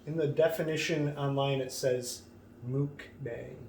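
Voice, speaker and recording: A man's voice: a little high, measured pace, a little mellow. A man hosting a casual food vlog, talking in a rambling, offhand way full of fillers. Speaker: host. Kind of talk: casual chat, comedy skit. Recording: roomy sound from a distant mic, faint noise.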